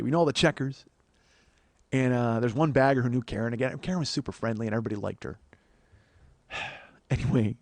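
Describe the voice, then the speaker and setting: A male comedian rambles through a long personal story at a quick clip, swearing freely and laughing at himself. The sound is close and dry, with no room around it. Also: medium pitch, a little mellow, no echo. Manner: profane, self-deprecating, rambling with restarts. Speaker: comedian and podcast host. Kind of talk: casual solo storytelling.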